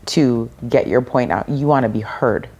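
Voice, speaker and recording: Gravelly-voiced woman probing with questions. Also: very deep voice, expressive, normal speed, warm tone, dull audio. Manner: probing, asks pointed questions, affirms with frequent mm-hmms. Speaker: podcast guest. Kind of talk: probing conversational podcast.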